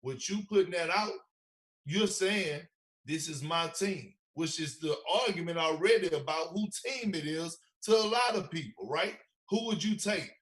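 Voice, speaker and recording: A man co-hosting a casual sports podcast, talking in an emotional, worked-up, opinionated way. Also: high-pitched. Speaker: podcast co-host.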